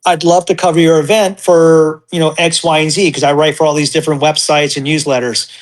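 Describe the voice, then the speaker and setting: A man's voice: a little high, little pitch movement, fairly quick, rough recording. A man in his forties, a podcast guest, telling casual stories with animation and acting out the voices of people he quotes.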